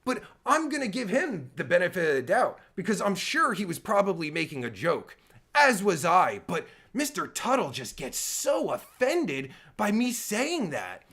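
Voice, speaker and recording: A man's voice: high-pitched, wildly swooping pitch, moderate pace, fairly bright tone, breathy edge. A man giving sarcastic, taunting commentary as a podcast guest, swearing heavily and mocking his host.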